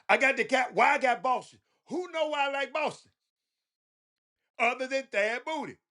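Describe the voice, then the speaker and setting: A livestream host with a Houston, Texas accent runs a casual sports talk stream, speaking to his chat directly and laughing a lot. His voice is very high-pitched and his pace is measured, broken up by frequent pauses. He comes across as animated throughout.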